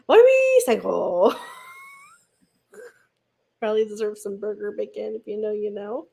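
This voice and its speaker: A woman's voice: mid-range voice, little pitch movement, normal speed, vocal fry, pauses often, warm tone. A woman hosting a read-along livestream, chatting casually, rambling with lots of fillers and frequent giggles. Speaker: booktube host.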